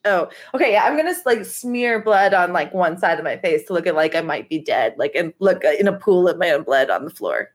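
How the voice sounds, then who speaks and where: A woman plays a tabletop game in a casual, playful way. Her pitch moves a lot as she talks and she slips readily into her character. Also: fairly quick, few pauses. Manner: lively, playful, jumps into character. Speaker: player. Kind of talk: casual tabletop role-play.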